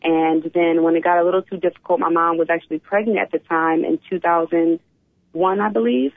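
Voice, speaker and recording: A woman in her thirties, from Philadelphia, tells her story as an interview guest in an animated, open way. She comes through a tinny, dry phone line with no room sound. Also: fairly low pitch, brisk, no room sound. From Philadelphia, USA. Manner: animated storytelling, often starts with "you know what". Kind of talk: casual interview.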